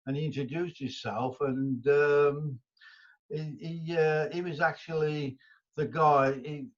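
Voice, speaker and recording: In dull, lo-fi audio, a guest musician from England, an older man, rambles through interview stories with plenty of restarts and fillers. His voice is a little high and steady, and he speaks slowly.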